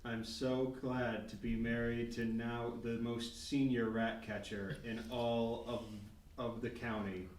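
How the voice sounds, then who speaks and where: A man's voice: medium pitch, level tone, slow pace, close to an everyday voice. A man voicing a sappy, doting wife in a tabletop game scene. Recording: roomy, distant mic, faint noise.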